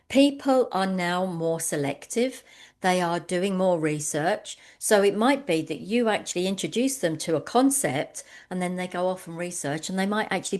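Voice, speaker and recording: A woman's voice: fairly low pitch, darkish tone. A woman, an online business coach, giving a conversational webinar talk full of anecdotes and frequent ums. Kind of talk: webinar presentation.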